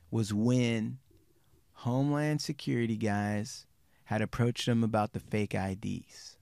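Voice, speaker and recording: Animated man telling a crime story. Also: mid-range voice, vocal fry, no echo, studio quality. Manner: animated, acts out quotes, swears, speeds up and slows down. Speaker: podcast host. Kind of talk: casual true crime storytelling.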